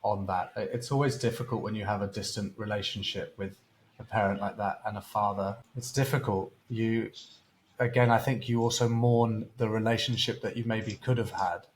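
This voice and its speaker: A man hosting a podcast who speaks in a gentle, sympathetic way and hesitates now and then. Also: lowish voice, steady tone, moderate pace, slight background noise, rough recording. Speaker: podcast host. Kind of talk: casual interview chat.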